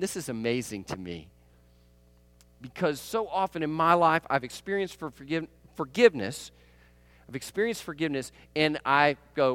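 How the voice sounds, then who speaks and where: Male preacher, high and very animated, conversational sermon, dry close recording. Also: moderate pace, clear, resonant tone, dry recording. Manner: conversational, keeps asking the audience "right?"; laughs at his own stories. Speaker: pastor.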